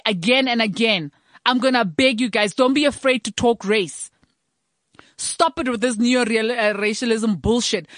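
A woman's voice: a little high, a bit bright, no echo, studio quality. A South African woman giving an impassioned, blunt monologue and swearing freely.

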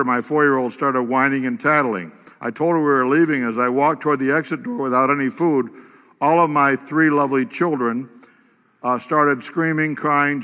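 Preacher man in an echoing church. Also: mid-range voice. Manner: animated storytelling, rising to loud exclamations. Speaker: pastor. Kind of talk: sermon. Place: church sanctuary. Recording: long reverb of a large hall.

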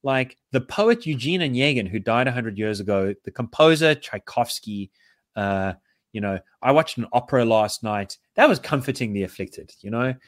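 A man's voice: mid-range voice, lively intonation, normal speed, dry recording, clean studio sound. A man chatting casually on a podcast, rambling with lots of restarts as he explains. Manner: rambling, many fillers and restarts. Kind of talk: casual chat.

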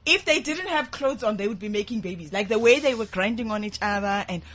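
A woman hosting a casual talk show from a studio, telling a story in an animated way and laughing often. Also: mid-range voice, quick pace. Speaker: host. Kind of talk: casual radio-show chat.

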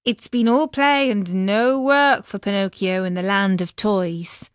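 Female storybook narrator: slow, expressive, talks to the children, dry close mic. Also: mid-range voice, clear, resonant tone, dry recording. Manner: expressive, addresses young readers. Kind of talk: storybook reading.

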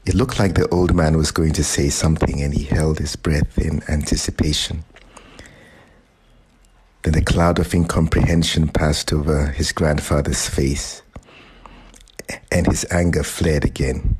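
A man narrating a short story in a calm, measured reading voice. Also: rumbling low, breathy edge, low-quality recording. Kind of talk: audiobook narration.

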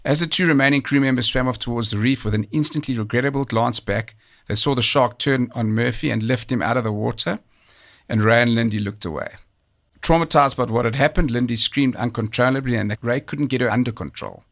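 A man narrating a documentary story in a measured, conversational way, with occasional fillers and restarts. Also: mid-range voice, fairly bright tone. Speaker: storyteller recounting a true survival tale. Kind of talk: documentary narration, partly off the cuff.

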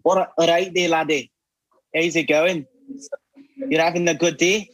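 Man doing a teasing Scottish bloke, husky and friendly, close dry sound. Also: a little high, steady tone, moderate pace, no echo, lightly acted, poor audio.

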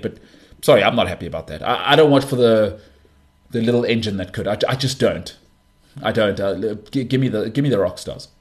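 A man hosting a sports talk show, giving emphatic, repetitive opinions in animated bursts. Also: mid-range voice. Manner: emphatic, repeats himself, animated rants. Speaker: podcast host.

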